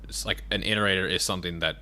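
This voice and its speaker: A man's voice: low voice, fairly even intonation, racing, sharp tone, slight background noise. A man playing a game on stream, chatting casually, asking questions and stumbling over restarts. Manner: questioning, playful, stammers on restarts. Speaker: player, co-host.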